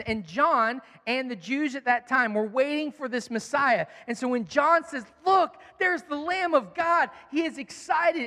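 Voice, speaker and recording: Man, pastor, sermon, high voice, animated storytelling, long hall echo. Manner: animated storytelling, acts out quotes.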